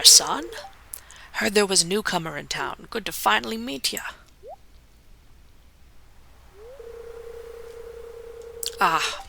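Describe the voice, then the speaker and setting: A woman putting on a hearty old fisherman, gravelly and bright. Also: fairly low pitch, a little hiss or hum, full character voice. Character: jovial old salty male fisherman. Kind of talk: game character voice.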